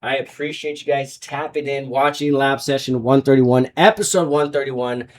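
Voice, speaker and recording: A man's voice: medium pitch, steady tone, normal speed, distant mic, slight background noise. Hyped man hosting a betting show. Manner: hyped, rambling, jokey. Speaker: sports betting show host. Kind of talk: casual betting picks talk.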